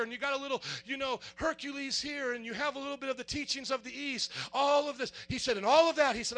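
High, bright-voiced energetic male pastor. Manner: animated, comic, shouts and acts out scenes. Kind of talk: energetic sermon. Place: church before a congregation.

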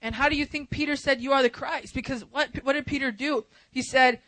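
A young woman preaching at a church service, animated and talking straight to the congregation with frequent "right?" and "amen?". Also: sits high, brisk, no room sound, low-quality recording. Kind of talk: sermon.

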